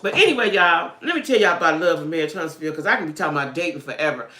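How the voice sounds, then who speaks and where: A woman's voice: low voice, animated, very fast, fairly bright tone, echoey room. A woman hosting a live chat with her viewers about dating, blunt and streetwise, who keeps checking in with "right?" and "you know what I'm saying?". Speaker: livestream host chatting with viewers.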